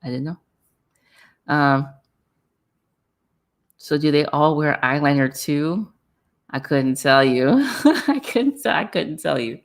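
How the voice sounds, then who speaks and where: A woman hosting a casual livestream chat, reading viewer comments aloud. She talks in an animated way, laughs often and repeats herself for effect. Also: low voice, slow pace, long pauses.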